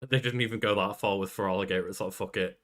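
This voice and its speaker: A man's voice: on the low side, steady tone, fast talker, a bit bright. Chatty man co-hosting a podcast. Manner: chatty, laughs often, swears casually. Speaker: podcast co-host. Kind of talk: casual chat.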